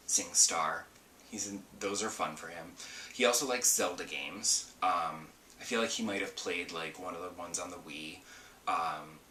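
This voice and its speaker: A man's voice: sits low, bright, forceful tone, echoey room, distant mic, a little hiss or hum. A man hosting a casual solo gaming podcast, chatty and rambling with lots of ums and asides. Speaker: podcast host.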